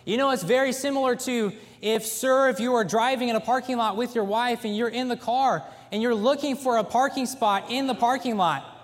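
A man with a strikingly high voice delivers a folksy sermon, leaning hard on key words as he tells his stories. His voice rings through a church with a long, echoing reverb. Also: brisk. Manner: folksy storytelling with animated emphasis. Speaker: pastor. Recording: echoey church hall.

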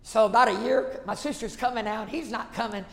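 A man, a pastor telling a folksy story in a sermon that builds to shouted passion. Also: high-pitched, fairly even intonation, fairly quick, creaky. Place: church sanctuary. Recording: echoey church hall.

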